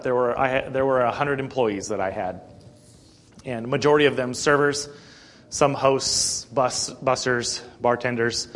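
A male pastor giving a conversational sermon, plain-spoken, asking the congregation rhetorical questions and often clearing his throat. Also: medium pitch, fairly bright tone.

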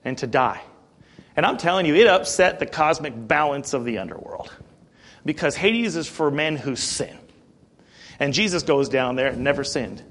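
A man preaching a sermon, animated, swinging between quiet and loud delivery. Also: fairly high pitch, moderate pace.

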